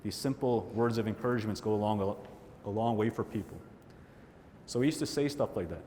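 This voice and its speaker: A Canadian keynote speaker delivers motivational stories a little fast in a large hall before an audience, animatedly acting out his friends' voices. The recording has hall reverb and a faint rumble.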